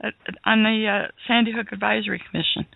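A woman guest on a radio interview, talking earnestly with many halting restarts. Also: mid-range voice, fairly even intonation, creaky, no echo. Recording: tinny phone line.

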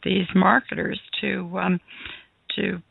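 A woman speaks as a radio guest in an earnest, halting way, restarting her phrases often. Her voice is strongly gravelly and creaky. It comes through a dry, narrow, phone-like line. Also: mid-range voice, level tone, no room sound. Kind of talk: radio interview.

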